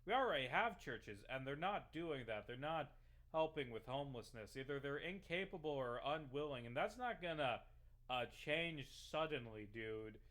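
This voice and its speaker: A man's voice: medium pitch, expressive, normal speed, fairly bright tone. A man ranting casually and sarcastically, swearing often, while talking over a video game he plays. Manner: profane, sarcastic, rambling. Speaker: vlogger and local reporter.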